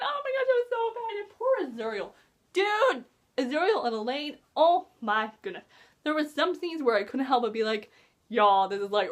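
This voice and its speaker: Excitable high-pitched woman gushing about books. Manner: gushing, excitable, lots of "like" fillers. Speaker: book reviewer. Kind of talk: casual book-talk vlog.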